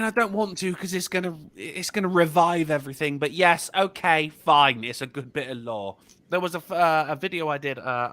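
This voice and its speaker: A man's voice: fairly high pitch, sharp tone. An English man chatting as a guest on a casual online show, swearing and laughing through teasing banter. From England. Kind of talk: casual chat.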